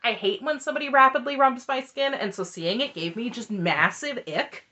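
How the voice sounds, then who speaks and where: A woman's voice: fairly high pitch, moderate pace, pushed and bright. A woman hosting a casual, chatty recap with snarky asides. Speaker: recap host. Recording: muffled lo-fi audio.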